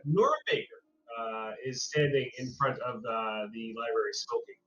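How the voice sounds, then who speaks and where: A man running a tabletop horror game as game master, narrating in a halting, hesitant way with many pauses. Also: medium pitch, fairly bright tone. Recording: distant, dull lo-fi mic.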